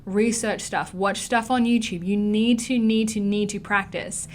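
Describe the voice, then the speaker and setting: A woman's voice: mid-range voice, steady tone, a little slow, a little mellow, slight background noise. A woman with an Australian accent giving an online acting lesson, emphatic and repeating key words for stress. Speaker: acting teacher.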